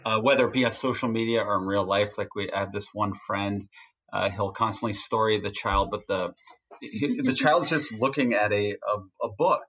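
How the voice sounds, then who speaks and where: A husky-voiced father, a guest on a podcast, tells stories in a casual chat. He has a forceful edge and a mocking, exasperated way of talking. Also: on the low side, fairly even intonation, normal speed, low-quality recording.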